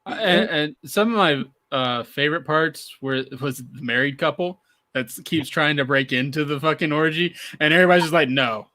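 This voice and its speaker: A man co-hosting a podcast in casual chat, animated and swearing freely. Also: fairly high pitch, fairly quick, dry recording. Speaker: podcast co-host.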